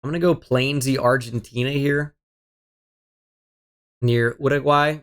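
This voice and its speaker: A young man commentating a game as he plays, his pitch sitting in an ordinary middle range. He mutters his guesses half to himself, swears often, and sounds exasperated and self-deprecating about his own mistakes. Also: fairly even intonation, unhurried. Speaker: gaming streamer.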